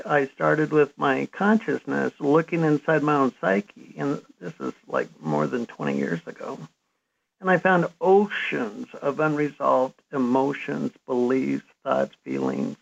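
A man's voice: fairly high pitch, slow, vocal fry. A man in his fifties, an interview guest and author, telling his story in an earnest, reflective way. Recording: dull lo-fi sound.

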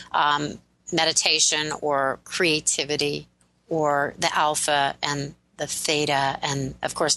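A woman's voice: deep voice, creaky, pushed and bright, rough recording. A woman who is a relationship and prosperity expert, speaking as a guest in a radio interview and explaining ideas in an enthusiastic, affirming way.

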